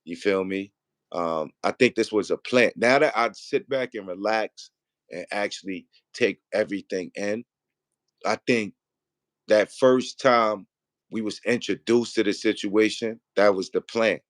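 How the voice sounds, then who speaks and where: A man's voice: on the low side, a little slow, dry recording, clean studio sound. A man in casual debate, rambling with restarts and often asking if he's understood. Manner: rambling, repeats "you feel what I'm saying".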